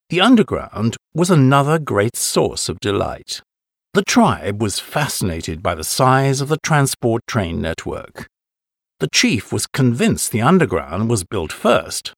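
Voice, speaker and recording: A man reading a course-book listening text as scripted narration, expressive, with wide pitch swings. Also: no echo, studio quality.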